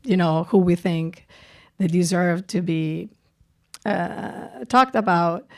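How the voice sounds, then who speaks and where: A woman's voice: fairly low pitch, takes it slowly, darkish tone. A woman from Italy speaks English with a strong Italian accent. She is middle-aged and earnest, and she often restarts phrases as she answers questions at a festival. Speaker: film director.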